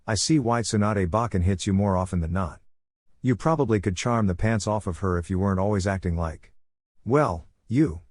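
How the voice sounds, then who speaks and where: A man's voice: lowish voice, moderate pace, a little mellow, dry recording, lightly acted. A man reading the lines of a cocky, sarcastic young male ninja in a fan fiction reading, in a blunt way.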